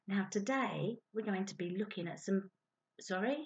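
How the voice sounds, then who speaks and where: A woman teaching young children a maths lesson with a puppet, in a sing-song, encouraging manner with hushed asides, on a dull lo-fi recording. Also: medium pitch, animated, moderate pace.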